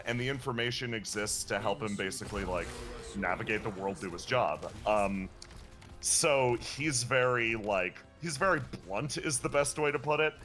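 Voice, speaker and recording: A man chatting casually as a streamer, animatedly retelling a game's story and laughing now and then. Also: mid-range voice. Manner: animated, laughs and breaks into playful character voices. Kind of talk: casual chat recapping a game story.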